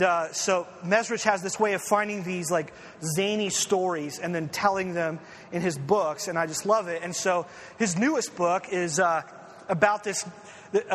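High-voiced man preaching in an echoey hall. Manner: animated, self-deprecating storyteller with many fillers. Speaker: pastor. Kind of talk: conversational sermon with personal stories. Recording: echoey hall with faint ambient noise.

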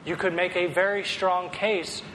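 A man's voice: high-pitched, little pitch movement, unhurried, sharp tone, in a large hall, a little hiss or hum, rough recording. A man preaching a sermon in a conversational, storytelling way, with self-deprecating humor. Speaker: pastor.

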